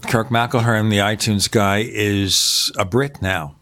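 A man's voice: lowish voice, steady tone, slow pace, sharp tone. A man hosting a podcast in casual chat, talkative and opinionated, piling up examples. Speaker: podcast host. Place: home in Arizona.

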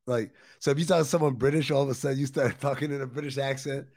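A man's voice: medium pitch, steady tone, fast talker, vocal fry, a little mellow, no echo, studio quality. A man co-hosting a podcast, telling stories in loose, laughing banter full of profanity. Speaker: podcast co-host. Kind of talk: casual chat.

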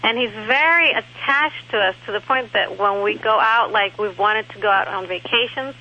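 A woman calls in to a radio show and explains her problem, halting and restarting as she goes. Her voice comes through a muffled, dull phone line. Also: medium pitch, sharp tone. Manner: hesitant, halting. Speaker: caller. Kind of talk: phone-in question.

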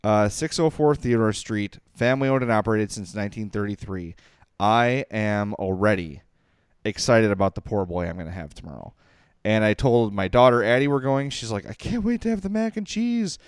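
A man co-hosting a sports podcast, talking in an animated, excitable way in casual chat. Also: lowish voice, moderate pace, clear, resonant tone, no room sound, studio quality. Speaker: podcast co-host.

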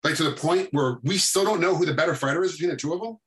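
A man talks quickly in a bright, forceful voice, playing out ringside moments as he tells them. He is a guest and a referee in a casual interview. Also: a little high. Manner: animated storytelling that acts out fight scenes. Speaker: guest, MMA referee and former fighter.

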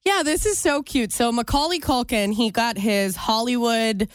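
A woman's voice: a little high, moderate pace, no room sound, studio quality. A woman co-hosting a casual radio show, telling stories in a bubbly, laughing, emotional way. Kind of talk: casual morning show chat.

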